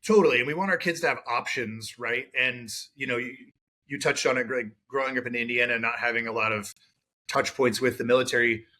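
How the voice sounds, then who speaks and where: A man hosts a podcast with a bright, forceful voice at a middle pitch. He talks in a thoughtful, loose way, with fillers as he thinks aloud. It is a relaxed interview. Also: a little fast, a little hiss or hum. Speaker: podcast host.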